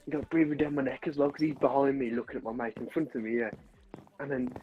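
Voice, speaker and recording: A man's voice: mid-range voice, steady tone, fast talker, narrow, tinny audio, a little hiss or hum. A young man, rambling through a story in casual chat with friends, full of restarts. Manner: rambling anecdote with many restarts and laughs. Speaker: streamer chatting with friends. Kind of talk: casual chat while gaming.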